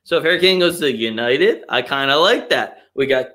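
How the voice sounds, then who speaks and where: A man's voice: medium pitch, fairly quick. A young man hosting a casual live soccer chat, swearing a lot and ranting with strong opinions, sometimes mocking others in put-on voices. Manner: profane, opinionated, animated rants with mocking voices. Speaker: podcast host.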